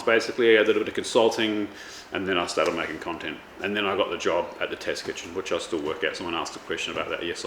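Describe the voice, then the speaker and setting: A man's voice: low voice, fairly bright tone. A man in his thirties, a chef chatting casually in a rambling way, full of ums and restarts. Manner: rambling, many fillers and restarts. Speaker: chef and vlogger. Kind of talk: casual chat. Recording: echoey room with faint background noise.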